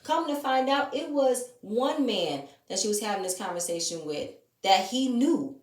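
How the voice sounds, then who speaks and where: A woman's voice: a little high, expressive, moderate pace, darkish tone, roomy sound, distant mic. A woman giving a blunt, heated, profane review of a reality show reunion in casual commentary.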